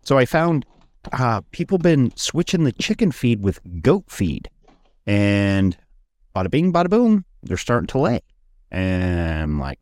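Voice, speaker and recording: A man's voice: on the low side, very animated, a little slow, darkish tone, no echo. A man hosting a podcast, telling loose, profane stories in casual chat. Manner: rambling, profane storytelling. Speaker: podcast host.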